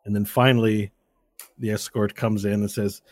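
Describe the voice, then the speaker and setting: A man's voice: lowish voice, level tone, normal speed. A man narrating a tabletop game as game master, loose and meandering.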